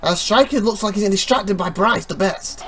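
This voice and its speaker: A host giving playful, excitable play-by-play commentary on a wrestling video game show. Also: medium pitch, fairly quick, a little hiss or hum. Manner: excitable, exclaims often.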